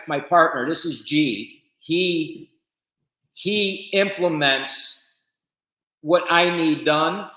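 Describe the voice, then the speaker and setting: A man with a fairly high voice tells a founder's story in a relaxed interview, acting out what others said to him. He sounds animated and talkative. The room adds a clear echo around his voice. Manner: animated storyteller who quotes conversations. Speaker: business founder, guest.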